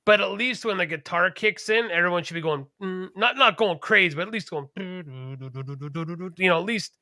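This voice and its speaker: A man co-hosting a podcast, chatting casually in a profane, rambling, animated way. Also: high voice, normal speed, dry recording, studio quality. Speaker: podcast co-host. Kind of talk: casual chat.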